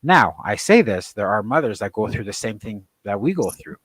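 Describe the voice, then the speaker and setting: A man's voice: lowish voice, very animated, normal speed, fairly bright tone, husky, dry recording. A man speaking as a guest on a talk show, an emotional, indignant and defiant father. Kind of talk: impassioned talk-show testimony.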